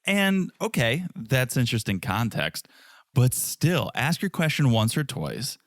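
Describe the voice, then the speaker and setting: Man co-host, casual chat, opinionated, pitch swinging widely, dry room. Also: measured pace, no echo. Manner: opinionated, lively intonation. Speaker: podcast co-host. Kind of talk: casual chat recapping a reality show.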